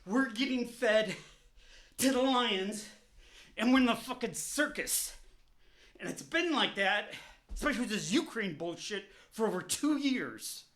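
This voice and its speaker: On his own vlog, a man rants angrily to camera about politics, sounding openly pissed off the whole way through. His voice is high for a man and fairly bright, with lively intonation and a measured pace. He swears constantly and circles back to repeat himself as his fury builds.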